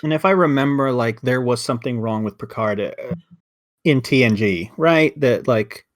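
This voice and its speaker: A man's voice: mid-range voice, moderate pace. A man co-hosting a podcast in casual chat, rambling and getting heated, with frequent restarts. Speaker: podcast co-host.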